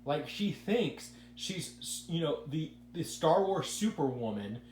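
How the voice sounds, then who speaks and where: A man's voice: on the high side, very animated, unhurried, darkish tone. Echoey rambling male podcast host. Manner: rambling, repeats words when starting sentences. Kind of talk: casual opinionated chat. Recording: echoey room with faint hum.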